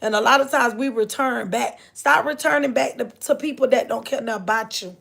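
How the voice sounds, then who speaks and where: Gravelly older woman preaching faith. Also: a little high, a little fast, fairly bright tone. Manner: preachy, repeats phrases, greets viewers. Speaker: livestream host. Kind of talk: inspirational faith talk to viewers.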